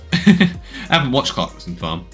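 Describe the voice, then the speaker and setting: A man's voice: medium pitch, sing-song, soft background music. A man with a South London accent, chatting casually and jokingly while streaming a game. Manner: jokey, rambling, quick to laugh.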